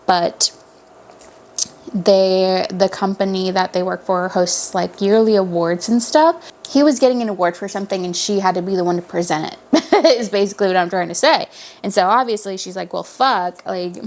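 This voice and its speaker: A woman's voice: mid-range voice, normal speed, darkish tone. A young woman giving a casual book review, chatty, giggling often and full of fillers. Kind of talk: casual chat.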